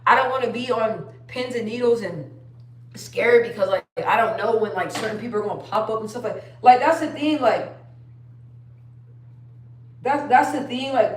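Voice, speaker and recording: A woman's voice: mid-range voice, normal speed. A young woman chatting casually on a livestream, telling stories and reading viewer comments aloud. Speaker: livestream host. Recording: roomy sound, distant from the mic.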